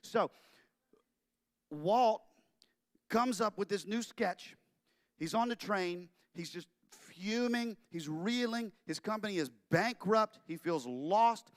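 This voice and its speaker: Man speaker, chapel talk, joking and animated, slightly high voice, dry sound. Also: no echo. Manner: animated, joking, quick asides. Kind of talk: humorous sermon talk.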